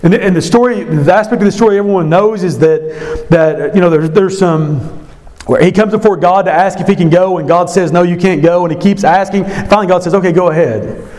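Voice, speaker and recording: A man's voice: high voice, a little fast, a little mellow. A man retelling a scripture story to an evening Bible study, conversational and emphatic. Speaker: Bible teacher.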